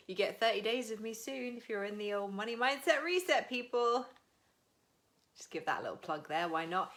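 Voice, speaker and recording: A woman's voice: fairly high pitch, lively intonation, normal speed, a bit bright. A British woman hosting a casual live stream, chatting frankly, swearing freely and greeting viewers by name. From Britain.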